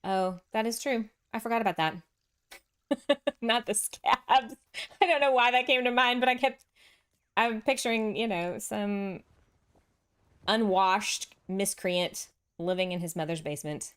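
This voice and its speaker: A woman's voice: mid-range voice, a little slow, a bit bright, clean tone. A woman with a Texan accent hosting a casual game livestream, chatting with viewers and laughing often. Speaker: livestream host. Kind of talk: casual livestream chat while playing.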